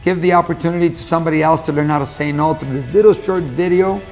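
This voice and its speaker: Faint music plays behind a man whose fairly high voice is steady, fast and a little mellow. In a folksy, conversational motivational monologue, he tells a farm fable and keeps repeating his key points.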